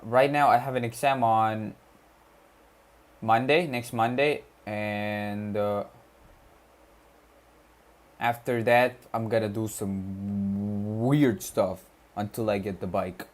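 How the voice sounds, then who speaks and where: A young man from Kerala, India, a native Malayalam speaker, talks with a lowish, steady voice on a study livestream. He chats slowly and laid-back, reading chat messages aloud with slang.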